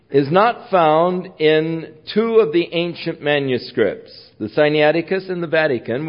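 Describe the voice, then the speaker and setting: A man's voice: a little high, lo-fi sound. A male pastor giving a conversational sermon, retelling scenes and repeating himself.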